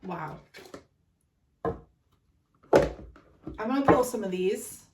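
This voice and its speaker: A woman's voice: on the high side, normal speed, distant mic, heavy background noise. Emotional woman card reader in an echoey room. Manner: emotional, overwhelmed, swears and laughs between card readings. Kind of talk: casual spiritual card reading to viewers.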